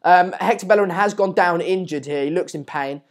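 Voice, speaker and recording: A man's voice: high voice, a little fast. Chatty man on a live stream. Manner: chatty and rambling, with many fillers and restarts; repeatedly urges viewers to subscribe. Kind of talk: casual live match watchalong commentary.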